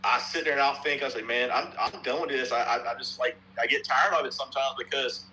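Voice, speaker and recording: A man's voice: mid-range voice, steady tone, fast talker, pushed and bright, a little hiss or hum, poor audio. A middle-aged man from North Carolina chatting casually on a podcast, rambling and repeating himself with the odd curse word. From North Carolina, USA. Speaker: softball bat reviewer and podcast guest.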